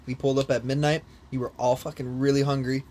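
A young man in casual chat, telling a long story in an animated way with lots of swearing and laughter. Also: medium pitch, fast talker. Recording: faint background noise.

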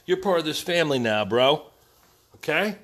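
A man's voice: on the high side, very animated, normal speed, fairly bright tone. A man in a casual vlog, talking to his new puppy in doting, sing-song dog talk and giving short commands. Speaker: vlogger.

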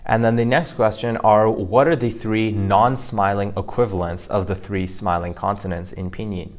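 A man's voice: fairly low pitch, fairly even intonation, normal speed, a little mellow. A man co-hosting a language-learning podcast, chatty, restarting phrases and using many fillers. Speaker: podcast co-host. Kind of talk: casual language lesson podcast.

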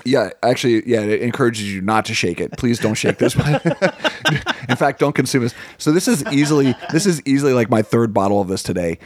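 A man's voice: mid-range voice, brisk, few pauses. A man in his thirties or forties, co-hosting a podcast in casual chat, telling jokey stories with lots of laughter. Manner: animated, laughing, jokey storytelling. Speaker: podcast co-host.

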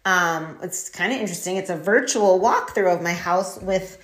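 A woman hosting a casual solo podcast, chatty and candid, with lots of "like" and "um" and lively storytelling. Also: on the low side, normal speed. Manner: chatty and candid, frequent fillers like "like" and "um"; animated storytelling with laughs and quoted asides. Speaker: podcast host.

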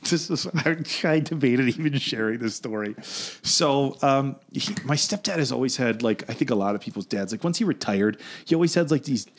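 A man's voice: mid-range voice, animated, moderate pace. A man, co-hosting a podcast and telling a long, profane story with frequent laughs. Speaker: podcast co-host. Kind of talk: casual storytelling chat.

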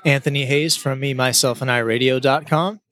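A man guesting on a podcast, throwing in quick playful quips. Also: medium pitch, fairly even intonation, fairly bright tone. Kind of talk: casual chat.

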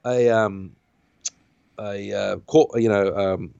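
A podcast host speaks slowly in a lowish, steady voice that's gravelly yet mellow and smooth. He casually recaps a film in a rambling way, with many fillers and restarts. The sound is dull, lo-fi, and dry, with no echo.

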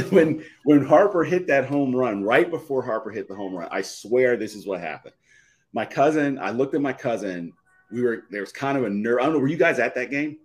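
A man's voice: medium pitch, expressive, normal speed. A middle-aged man from the Philadelphia area, a podcast guest telling a personal story in a live chat, repeating and restarting phrases.

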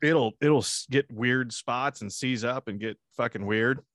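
A man's voice: medium pitch, a little slow, fairly bright tone, no room sound, clean studio sound. A man co-hosting a podcast, chatting crudely and laughing, often acting out quoted voices. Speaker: podcast co-host. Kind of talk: casual crude banter.

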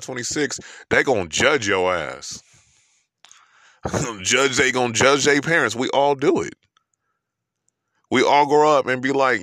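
A man's voice: medium pitch, fairly bright tone, no echo, clean studio sound. A man with a New York accent ranting about love in a profane, emphatic monologue full of rhetorical questions.

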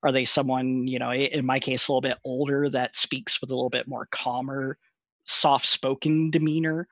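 A man's voice: mid-range voice, flat delivery, moderate pace, a bit bright, dry recording, dull audio. A man in a casual chat, speaking thoughtfully and measuredly with frequent fillers. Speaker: tabletop game player.

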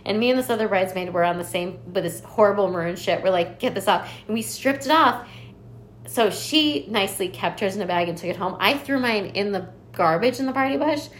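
A young woman co-hosting a podcast, telling a story in casual chat, animated and full of "like" fillers and swearing. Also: medium pitch, fairly quick, slight background noise. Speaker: podcast co-host.

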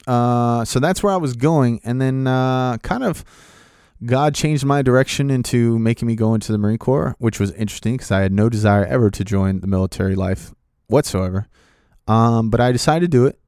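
A man casually telling a story from his own life, loose and lively, slipping into the voices of the people he quotes. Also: mid-range voice, normal speed, smooth, no echo, clean studio sound. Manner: animated, acts out other people's voices in quotes; loose, filler-heavy delivery with restarts. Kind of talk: casual spoken anecdote.

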